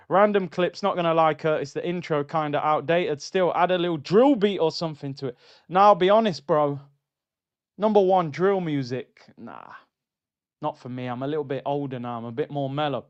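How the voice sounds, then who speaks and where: A man hosting a casual fan livestream, animated and full of banter, repeating his phrases. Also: fairly high pitch, clear, resonant tone. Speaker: livestream host. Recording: slightly dull lo-fi sound.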